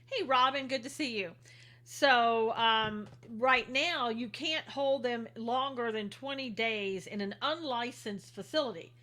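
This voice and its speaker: A woman's voice: a little high, a little slow, pushed and bright. A woman hosting a casual political commentary livestream, chatting and greeting viewers by name as she goes. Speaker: livestream host.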